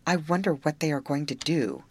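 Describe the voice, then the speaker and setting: A woman reading the part of a gentle, worried teenage girl in an audiobook. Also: sits low, expressive, normal speed, breathy edge, dry recording, exaggerated voice. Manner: soft and hesitant.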